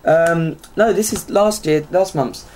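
Giggly podcast co-host. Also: male voice, on the high side, measured pace, darkish tone, a little hiss or hum. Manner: giggly, rambling, swears freely. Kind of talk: casual chat.

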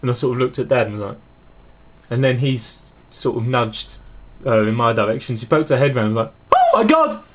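Dry-humoured young co-host. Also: male voice, mid-range voice, steady tone, a little fast. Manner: dry, hesitant, full of ums. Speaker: podcast co-host. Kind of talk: casual chat, storytelling.

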